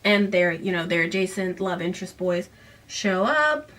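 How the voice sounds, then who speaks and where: A woman's voice: on the low side, animated, normal speed, a bit bright. Casual female book reviewer, chatty and rambling, recorded slightly distant from the mic. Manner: rambling, self-correcting, giggly asides. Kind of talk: casual book recap with read-aloud passages.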